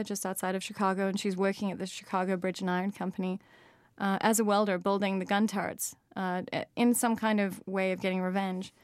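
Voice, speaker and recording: A woman's voice: medium pitch, no echo. South African woman author, dry studio. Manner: thoughtful, frequent fillers and restarts. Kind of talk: interview.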